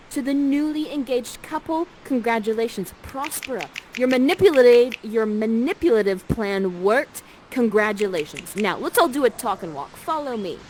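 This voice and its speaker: A woman's voice: on the high side, animated, normal speed, hardly any pauses, darkish tone, rough recording. Woman guide, upbeat theatrical direction of an interactive scene, slight faint noise. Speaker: actor guiding participants through an interactive show.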